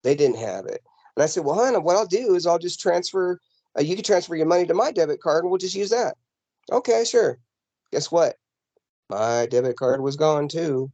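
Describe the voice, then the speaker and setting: A man telling a ghost story from his home over a video call, rambling and animated with lots of fillers and restarts. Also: fairly high pitch, brisk, no room sound. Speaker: paranormal investigator guest. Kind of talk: casual storytelling in an interview. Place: home in the mountains.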